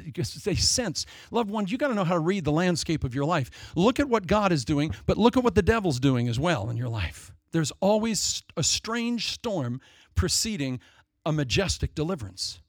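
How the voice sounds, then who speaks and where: A man preaching a sermon, dramatic and storytelling, acting out voices in quick asides. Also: a little high, big pitch swings, dry recording, studio quality. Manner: dramatic, acts out demons and people in quick asides.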